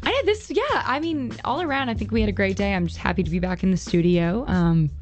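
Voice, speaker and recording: A woman's voice: medium pitch, fast talker, a little mellow, lo-fi sound. A woman co-hosting a radio show, chatty and upbeat. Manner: chatty, upbeat, listing national days. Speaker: co-host. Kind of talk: casual radio show chat.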